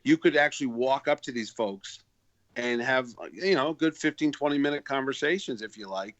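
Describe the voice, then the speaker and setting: A man's voice: mid-range voice, brisk, fairly bright tone, dry recording, highs cut off. A man guesting on a talk show as a convention organizer, telling rambling stories with restarts and acting out other people's voices. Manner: chatty, rambling with restarts and repeated words. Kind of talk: casual interview storytelling.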